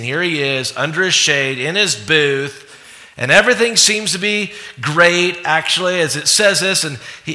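Male pastor, conversational sermon delivery, bright, forceful tone, long hall reverb. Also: sits high. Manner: animated, conversational preaching with asides and acted-out voices.

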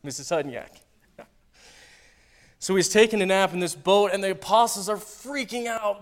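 A man preaching a sermon, swinging between loud dramatic readings and quiet joking asides to the congregation. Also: high voice, normal speed, long pauses.

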